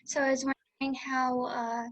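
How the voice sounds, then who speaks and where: A woman's voice: high voice, flat delivery, normal speed, low-quality recording. A girl from the school interviewing a senator, asking a question hesitantly. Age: child. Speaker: student interviewer.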